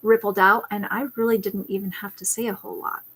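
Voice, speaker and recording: A woman's voice: mid-range voice, level tone, brisk, fairly bright tone, husky. Woman coach telling a parenting story. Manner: reflective storytelling, acts out a child's pleading voice. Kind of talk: personal story on a talk show.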